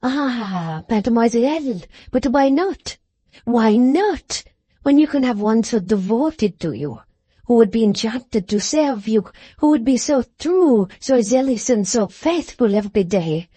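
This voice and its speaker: A woman voicing an intense young French lady's maid in an audiobook, speaking in a low, subdued, earnest way with a French accent. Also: expressive, unhurried, warm tone, breathy edge, no echo. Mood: earnest pleading. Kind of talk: audiobook character voice.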